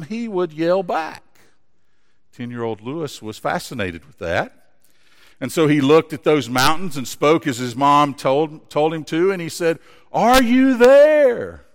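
A pastor preaching a sermon, earnest and story-driven. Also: male voice, medium pitch, a bit bright. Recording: long hall reverb.

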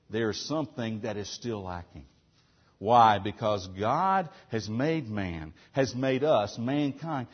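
Preaching as a pastor, a man asks rhetorical questions and drives home his points with emphasis, swinging between loud and soft. His voice is a little high and husky, and the recording's high frequencies are cut off.

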